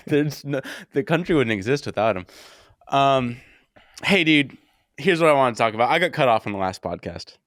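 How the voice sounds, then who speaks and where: A man's voice: mid-range voice, expressive, normal speed, fairly bright tone, dry recording, clean studio sound. A young man co-hosting a podcast in casual chat, rambling and joking with playful analogies. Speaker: podcast co-host.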